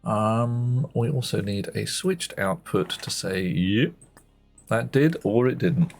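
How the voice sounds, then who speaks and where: Man, game streamer, muttering commentary, self-deprecating asides, slightly low voice. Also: expressive, takes it slowly, vocal fry, soft background music. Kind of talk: live-stream commentary while playing.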